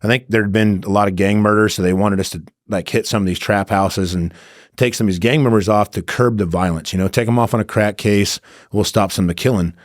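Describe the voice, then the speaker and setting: Laid-back low-voiced man telling stories. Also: steady tone, brisk, dry recording, clean studio sound. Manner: laid-back, swearing, acts out quoted voices. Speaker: former undercover officer, guest. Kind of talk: casual storytelling. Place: podcast studio. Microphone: studio mic.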